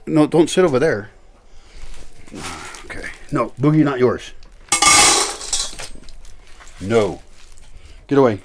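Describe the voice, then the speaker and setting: A man in a casual home vlog, talking to his dogs, coaxing them and calling them loudly at times. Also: fairly high pitch, lively intonation, measured pace, long pauses. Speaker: vlogger.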